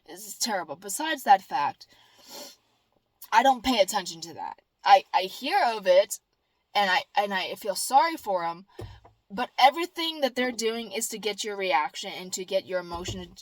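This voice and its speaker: A woman's voice: medium pitch, lively intonation, moderate pace, no echo. Woman, vlogger, rambling upbeat talk, fillers and restarts, dry close sound. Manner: upbeat and earnest. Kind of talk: casual chat.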